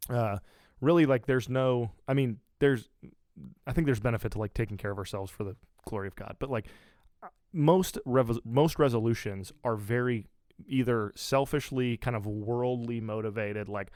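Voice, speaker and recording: A man with a low, clear, resonant voice co-hosts a casual podcast. He rambles and restarts his sentences, and the sound is close and dry. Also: a little mellow, no echo. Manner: rambling, many fillers and restarts. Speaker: podcast host.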